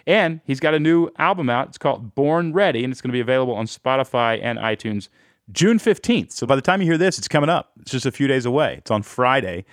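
Male podcast host, brisk and earnest, with a low voice and a dry, close sound. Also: animated, dry recording. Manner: quick, earnest, openly enthusiastic. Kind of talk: casual podcast talk.

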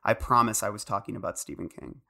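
A man hosting a casual podcast chat, eager and excitable, his voice hoarse from shouting the night before. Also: fairly low pitch, quick pace. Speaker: podcast host.

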